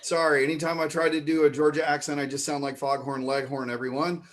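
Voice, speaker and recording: A man's voice: on the high side, flat delivery, quick pace, a bit bright. A man hosting an online improv comedy show, introducing the cast with rambling, filler-laden banter over a video call. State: mouth full of marshmallow. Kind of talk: livestream host banter.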